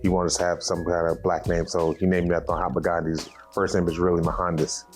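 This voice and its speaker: A man from Harlem, New York, a rapper giving firm, measured interview answers. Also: sits low, little pitch movement, soft background music. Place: radio studio.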